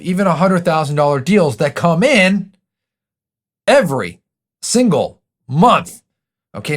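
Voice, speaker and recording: A man hosting a podcast, coaching listeners on finances in an emphatic, direct way. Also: on the high side. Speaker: podcast host. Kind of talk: motivational podcast talk.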